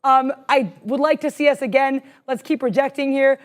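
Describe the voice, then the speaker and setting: A woman co-hosting a live trading stream, excitable and rambling, jittery with adrenaline. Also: high-pitched, moderate pace. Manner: excitable, rambling, self-deprecating. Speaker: stream co-host, day trader.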